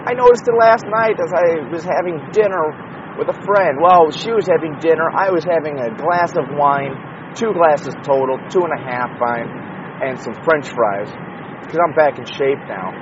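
Man, young, fairly high voice, solo podcast host, wandering profane asides, muffled recording from a car with faint traffic behind. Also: normal speed. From Chicago area, United States. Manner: rambling, profane, self-interrupting asides. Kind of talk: casual solo MMA commentary. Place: in a car with the window open. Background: traffic and street noise.

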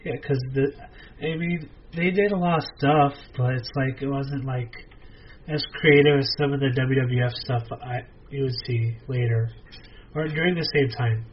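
A man in a casual podcast chat, with a mid-range pitch and an easygoing, dry delivery. The recording is dull and lo-fi, with faint hiss behind him. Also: normal speed. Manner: laid-back, dry remarks, chuckles. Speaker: podcast co-host. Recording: muffled lo-fi with faint noise.

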